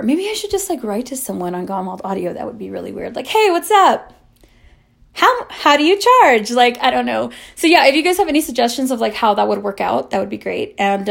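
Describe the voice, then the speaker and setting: A woman's voice: mid-range voice, gravelly, darkish tone. A woman in her twenties telling a story in casual monologue, talking in a chatty way with lots of "like" and swearing. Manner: chatty, heavy use of "like", swearing, dramatic retelling. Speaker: amateur audio creator.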